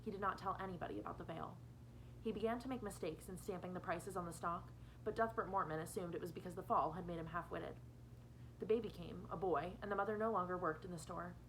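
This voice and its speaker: A woman's voice: on the low side, fast talker, a little hiss or hum, low-quality recording. A woman teacher reading a novel aloud to her students, changing her voice for each character.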